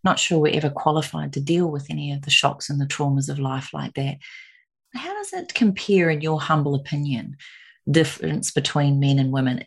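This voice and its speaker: A woman hosting an interview, asking long, rambling questions. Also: sits low. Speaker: host.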